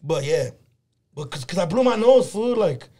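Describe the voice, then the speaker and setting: A man's voice: high voice, lively intonation, normal speed, mellow. A young man co-hosting a podcast, telling stories in casual chat, full of slang and swearing. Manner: profane, slangy storytelling. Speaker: podcast co-host.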